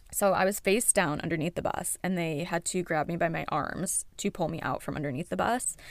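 A young woman with a low, gravelly voice tells her own story on her podcast. She speaks candidly, swears freely and acts out what she was thinking at the time. The sound is dry and close, with no room echo. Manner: candid, swears freely, relives moments in quoted thoughts. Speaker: podcast host. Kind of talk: personal storytelling.

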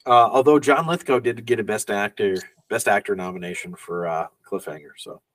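A man's voice: lowish voice, fairly quick, distant mic. A man co-hosting a podcast, chatting casually and wryly about a film. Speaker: podcast co-host. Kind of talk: casual film review chat. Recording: mic set back, dry room.

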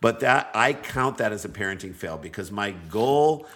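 A man with a lowish voice spins a comic anecdote in relaxed conversation. He jumps into the voices of the people he quotes. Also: normal speed. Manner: animated storyteller, acts out voices in quotes. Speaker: comedian guest. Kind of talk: casual storytelling chat.

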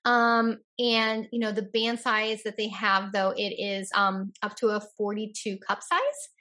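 A young woman co-hosting a casual chat, talking in a lively, chatty way. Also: mid-range voice, a little slow. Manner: lively, chatty, laughs often. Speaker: co-host.

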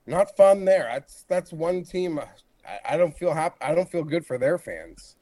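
A man's voice: on the high side, lively intonation, normal speed, dark tone, no echo. A man co-hosting a sports betting podcast, rambling through his take in a chatty way. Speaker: podcast co-host. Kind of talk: casual sports betting chat.

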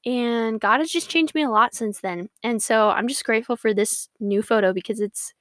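Young woman, podcast host, slightly high voice, bubbly and rambling, dry close recording. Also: normal speed, fairly bright tone, no echo. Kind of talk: casual Christian podcast monologue.

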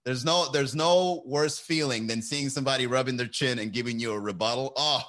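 A male streamer in loose, casual chat. He rambles from one joke to the next, swears freely and often breaks into laughter. His voice sits at an ordinary middle pitch. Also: a little fast, a bit bright. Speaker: live-stream host.

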